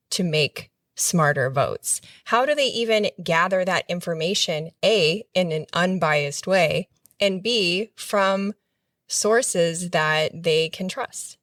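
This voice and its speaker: A woman's voice: fairly low pitch, a bit bright, no room sound. Woman host on a distant, dry mic. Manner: measured, deliberate questioning. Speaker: podcast host. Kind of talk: interview questions.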